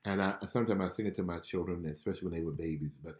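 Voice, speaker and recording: A middle-aged man working as a spiritual life coach, gently praying and encouraging viewers on a live online stream. He talks in a conversational way, carefully enunciating his words like a former radio announcer. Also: sits low, fast, hardly any pauses, reverberant. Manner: gentle, conversational, reads viewer comments aloud.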